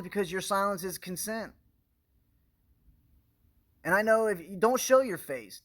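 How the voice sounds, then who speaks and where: A man with a high-pitched voice pleads straight into the camera with his viewers. He rants with urgency, repeats himself, and restarts his sentences as he pushes his point. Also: fairly bright tone. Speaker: video blogger addressing viewers. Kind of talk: impassioned direct-to-camera rant.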